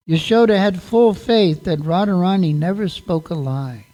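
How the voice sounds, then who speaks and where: A man narrating a devotional story at a religious festival talk, in deliberate, measured phrases. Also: high voice, warm tone. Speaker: monk telling a devotional story.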